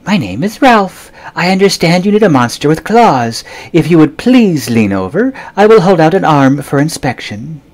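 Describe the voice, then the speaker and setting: A man voicing a refined male monster with a high, silky, prim voice in a read-aloud picture book. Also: very animated, normal speed, hardly any pauses. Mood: polite.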